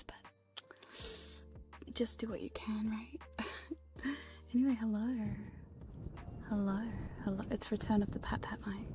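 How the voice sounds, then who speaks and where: Woman, whispered ASMR stream chat, playful teasing, casual swearing, warm dark tone, binaural close mic. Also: fairly high pitch, a little slow, pauses often. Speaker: VTuber streamer. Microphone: binaural dummy-head microphone.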